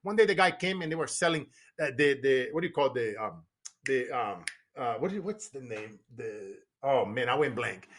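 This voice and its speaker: A man from Brazil with a Brazilian accent, a podcast guest telling stories in an animated, emphatic way and often laughing. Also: medium pitch, normal speed, a little hiss or hum. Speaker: podcast guest, business coach. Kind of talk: casual storytelling conversation.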